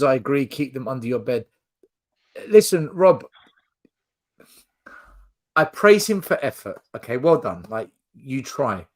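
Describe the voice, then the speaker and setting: A man hosting a casual football fan chat, reading out viewer questions in a chatty way. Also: fairly high pitch. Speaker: podcast host.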